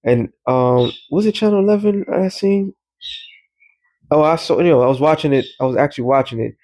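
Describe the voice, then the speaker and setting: A man's voice: fairly high pitch, fairly quick, dark tone. Rambling man. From New York. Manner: rambling, loose, streetwise talk. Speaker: religious commentator. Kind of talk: casual commentary vlog.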